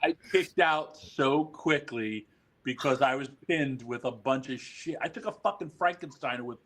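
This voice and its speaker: A man at an average pitch tells stories on a podcast. He is animated and profane, with lots of fillers and quick asides. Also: low-quality recording. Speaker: guest. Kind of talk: podcast storytelling.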